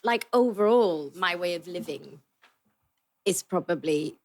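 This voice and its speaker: A woman's voice: fairly low pitch, expressive, unhurried. Giggly Swedish woman chatting. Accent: Swedish-tinged polished English. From Sweden. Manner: giggly, easygoing, laughs often. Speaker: podcast guest. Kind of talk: casual chat.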